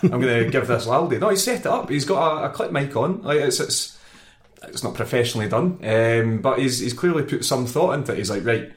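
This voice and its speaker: A Scottish man trades quick banter on a casual podcast. His pitch moves a lot as he talks, and his voice has a roomy echo. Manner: animated, laughing, quick banter. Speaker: podcast co-host.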